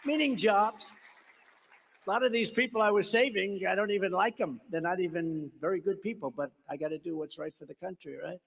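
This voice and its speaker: A man's voice: high voice, fairly quick, vocal fry, fairly bright tone, husky, long reverb tail. A man giving a rally speech in a rambling, boastful storytelling style, repeating himself. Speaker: political speaker at a rally.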